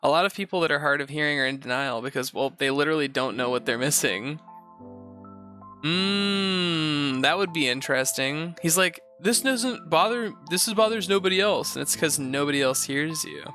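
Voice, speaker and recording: Guy host ranting casually about reddit posts, bright slightly high voice, swears a lot, soft music behind. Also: normal speed. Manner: rambling, profane, sarcastic asides. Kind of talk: casual commentary reading posts.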